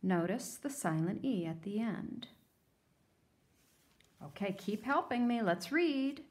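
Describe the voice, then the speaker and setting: A woman's voice: medium pitch, lively intonation, slow, a little mellow. A woman teacher giving a phonics lesson to young children, sounding out words letter by letter.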